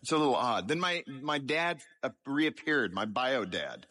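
Male preacher doing a testimony. Bright tone, highly expressive delivery, self-deprecating humour. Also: normal speed. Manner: humorous, self-deprecating storytelling. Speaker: speaker sharing his life story. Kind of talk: testimony sermon.

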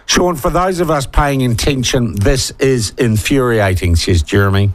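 A man's voice: medium pitch, a little slow. A man in his sixties with a New Zealand accent, hosting talkback radio in a heated, indignant rant, hammering short phrases and reading out listener texts. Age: 60s. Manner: reads listener texts aloud.

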